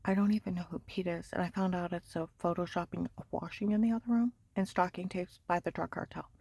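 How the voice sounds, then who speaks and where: Gravelly woman ranting on and on, keeps repeating herself, sometimes goes almost whispery, dry close sound. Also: lowish voice, steady tone, quick pace, darkish tone, no room sound. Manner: agitated, insistent, repeats herself. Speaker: vlogger. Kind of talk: rambling personal monologue.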